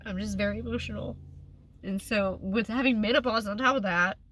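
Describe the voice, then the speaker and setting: Woman, candid vlog, bright tense voice, earnest rambling, lots of fillers. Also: medium pitch, brisk. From Oklahoma. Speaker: vlogger.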